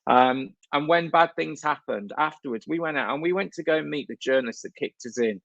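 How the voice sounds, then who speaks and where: A man from the north of England speaks at a conference with a gravelly edge to his voice, blunt and jokey with plenty of swearing. The recording is dry and a little dull. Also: on the high side, a little fast, fairly bright tone, no echo. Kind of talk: conference talk.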